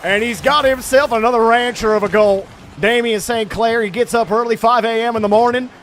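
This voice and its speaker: A man's voice: very high-pitched, steady tone, brisk, a bit bright, slight background noise, voice pushed up. A man voicing a folksy country sports announcer with a drawling, farm-talk manner. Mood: folksy hype.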